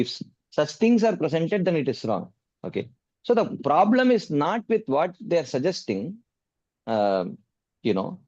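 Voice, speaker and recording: A man teaching and answering questions in a scripture class, speaking in a measured way, repeating key points with many "you know" fillers. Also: a little high, a little mellow, no room sound, highs cut off. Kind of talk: explanatory Q&A teaching.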